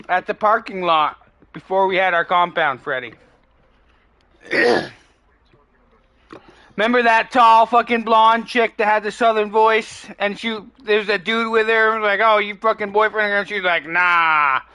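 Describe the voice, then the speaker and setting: A man's voice: high-pitched, unhurried, long pauses, bright, forceful tone, smooth, dry recording. A man streaming a game, telling friends a profane story in casual chat and acting out the lines he quotes.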